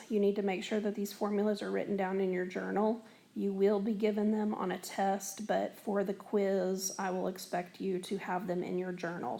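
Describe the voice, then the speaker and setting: Patient woman teaching with a gravelly voice. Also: medium pitch, dark tone. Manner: patient, explanatory, many fillers. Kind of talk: recorded whiteboard lesson. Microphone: tablet recording.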